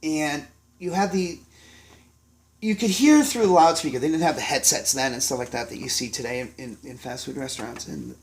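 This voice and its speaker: A man's voice: medium pitch, normal speed. A man in his forties, a chef, telling kitchen stories in a rambling, profane, casual way, full of ums and restarts. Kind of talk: casual storytelling to camera.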